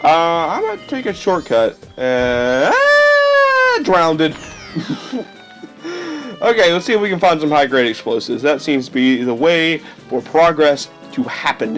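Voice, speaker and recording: A goofy young man joking his way through a game with a high, bouncy voice that swings all over. Faint game music plays underneath. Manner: goofy, joking, playfully sarcastic. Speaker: let's play host. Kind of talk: casual game commentary.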